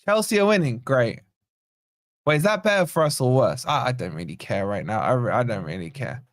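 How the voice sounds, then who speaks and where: A man's voice: medium pitch, expressive, a little fast, dry recording, clean studio sound. A man hosting a fan reaction livestream, exasperated and sarcastic as he rambles through player ratings. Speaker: fan channel host. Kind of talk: post-match reaction livestream.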